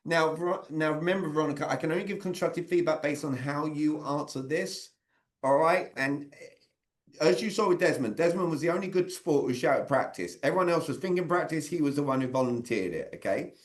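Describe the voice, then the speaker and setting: A man's voice: a little high, fairly quick. A man leading an interactive online training talk on sales communication, quizzing his audience by name over a video call.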